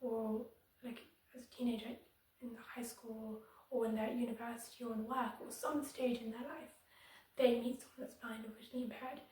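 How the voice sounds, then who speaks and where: A woman speaks firmly and earnestly in a slightly high voice, addressing her viewers directly. The recording is very echoey, with her voice set back from the mic. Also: level tone, normal speed, a little mellow, far from the mic. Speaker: disability vlogger. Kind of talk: direct-to-camera advocacy commentary. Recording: very echoey room, voice somewhat off-mic.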